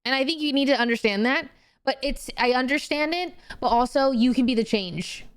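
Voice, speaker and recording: A young woman streaming and chatting casually, animated and swearing freely as she gets heated. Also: sits high, a little fast, clear, resonant tone. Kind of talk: casual chat.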